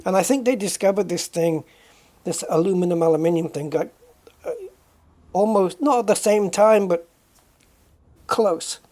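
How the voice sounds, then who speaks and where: A British man chats casually on his game livestream with a warm, mellow tone. He rambles and muses, greeting viewers by name and often correcting himself mid-thought. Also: high-pitched, moderate pace, pauses often. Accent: British English. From United Kingdom.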